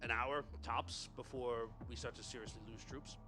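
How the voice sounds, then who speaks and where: A man playing a tabletop game, jokey and animated when he talks. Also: mid-range voice, normal speed. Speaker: player. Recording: music playing under the voice.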